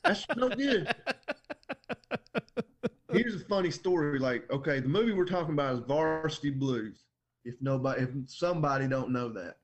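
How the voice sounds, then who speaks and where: A man's voice: a little high, animated, normal speed, long pauses. A man co-hosting a podcast in casual chat, telling jokey, laid-back stories. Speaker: podcast co-host.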